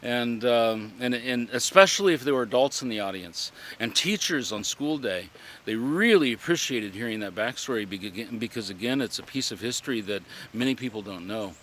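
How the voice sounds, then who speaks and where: A man, a living history reenactor, talking in a reflective interview in an earnest, halting way as he searches for words. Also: medium pitch, lively intonation, fairly bright tone, slight background noise.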